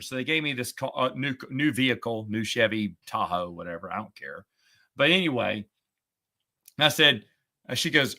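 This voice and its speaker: A middle-aged man in casual chat, a podcast host who talks in a sarcastic, chatty way and gets animated when retelling a story. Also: mid-range voice, normal speed.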